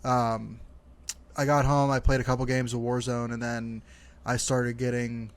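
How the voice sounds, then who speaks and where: A man's voice: medium pitch, flat delivery, measured pace. A young man co-hosting a casual podcast, telling a rambling story full of "like" and cursing. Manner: rambling storyteller, swears freely, many fillers like "like". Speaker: podcast co-host.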